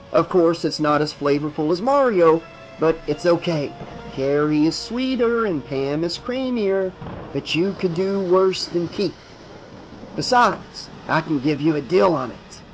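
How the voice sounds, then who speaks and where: A man's voice: fairly high pitch, lively intonation, a little slow, faint music behind, poor audio. A man voicing a pale, smarmy male yogurt-stand clerk who talks in a sly, conspiratorial way.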